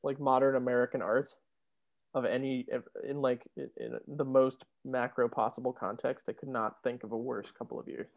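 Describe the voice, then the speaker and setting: A man's voice: medium pitch, little pitch movement, moderate pace, gravelly. A man co-hosting a podcast, joking and teasing his friend in casual banter. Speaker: podcast co-host. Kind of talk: casual chat. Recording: dull lo-fi sound.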